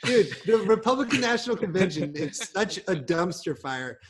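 A man's voice: sits high, sing-song, moderate pace, a crowd in the background. A man with a slightly raised voice tells loose, rambling stories in a casual chat. He swears freely and wanders off track. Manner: rambling, profane storytelling. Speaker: podcast guest.

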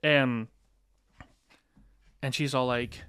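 A man's voice: mid-range voice, takes it slowly, long pauses, a bit bright, smooth, no echo. A man co-hosting a podcast, telling a dating story casually and acting out both sides of the dialogue, with some swearing. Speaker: podcast co-host.

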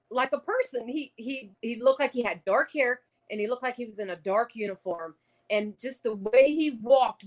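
A woman, a paranormal investigator, telling a rambling, excited story on a video call and laughing often. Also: a little high, low-quality recording.

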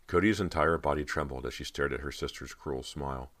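A man reading a horror audiobook in steady, dramatic scripted narration. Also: rumbling low, fairly quick.

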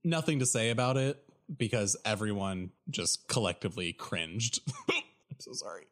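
A man's voice: on the low side, lively intonation, moderate pace, a bit bright. Giggly American guy with hiccups. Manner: giggly, apologetic, rambling. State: has the hiccups. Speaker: podcast co-host. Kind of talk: casual storytelling chat.

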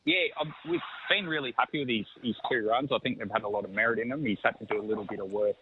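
A man, a horse trainer talking over the phone in a halting, easygoing way that repeats words. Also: lowish voice. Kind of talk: phone interview. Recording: tinny phone line with faint noise.

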